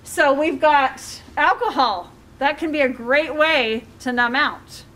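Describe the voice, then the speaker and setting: A woman's voice: high-pitched, slow, fairly bright tone. A middle-aged woman, a life coach, giving a workshop talk to a group in a conversational way, with fillers and questions to the audience.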